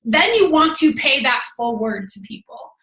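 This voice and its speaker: A woman hosting a team call, effusive and animated. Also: high voice, moderate pace. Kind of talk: casual group call. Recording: echoey room.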